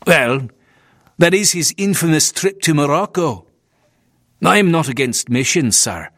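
A man's voice: fairly high pitch, lively intonation, measured pace, a bit bright, no echo, clean studio sound, pitched above the performer's own voice, full character voice. A man voicing a nervous, disapproving Scottish minister who complains in a stiff, scornful way.

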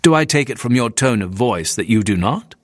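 A calm, courteous Victorian preacher asks measured questions, voiced by a male reader. The pitch moves in a lively way. The sound is dry and close. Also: no room sound, lightly acted. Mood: curious.

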